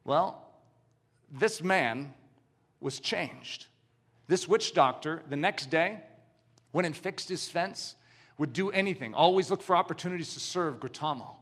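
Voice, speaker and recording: Animated, high-voiced preacher telling a story. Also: male voice, measured pace, pauses often. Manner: animated, dramatic storyteller who poses questions to the audience. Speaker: pastor. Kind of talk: sermon storytelling.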